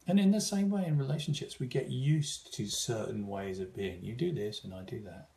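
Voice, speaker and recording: A man's voice: medium pitch, expressive, a little fast, gravelly, dark tone. A man giving an informal seminar talk, thoughtful, with frequent fillers and restarts. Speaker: seminar speaker.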